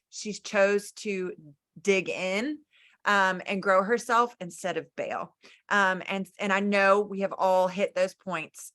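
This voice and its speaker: Bright chatty woman leading a team call. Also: mid-range voice. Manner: enthusiastic, chatty, southern "y'all". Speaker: team leader hosting a video call. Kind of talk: casual encouraging talk. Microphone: video call.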